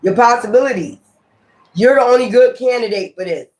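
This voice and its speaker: A man giving a casual tarot reading to his viewers, blunt and profane, talking in an animated way. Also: very high voice, brisk. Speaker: tarot reader.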